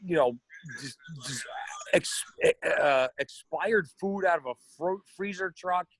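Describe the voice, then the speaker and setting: A man's voice: high-pitched, takes it slowly, a crowd in the background. A man co-hosting a casual podcast chat, telling rambling, profane stories. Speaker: podcast co-host.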